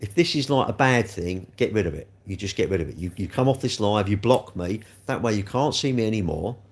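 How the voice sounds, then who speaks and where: A man's voice: lowish voice, expressive, brisk. Rambling man on a live stream. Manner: rambling, repeats himself, talks straight to viewers. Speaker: livestreamer. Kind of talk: live stream chat, reacting to viewer comments.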